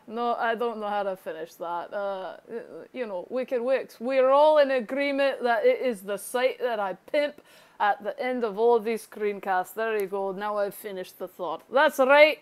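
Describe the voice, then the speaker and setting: A woman's voice: fairly high pitch, a little slow, smooth. A woman giving a casual weather outlook over a screencast, rambling, joking and poking fun at herself. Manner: rambling, joking, self-deprecating. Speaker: amateur weather forecaster.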